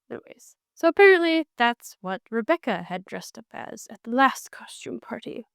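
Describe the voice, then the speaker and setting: A woman hosting a book podcast, giving a casual, animated recap and slipping into characters' lines as she goes. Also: fairly high pitch, moderate pace, creaky, hardly any pauses, clean tone, dry recording, studio quality.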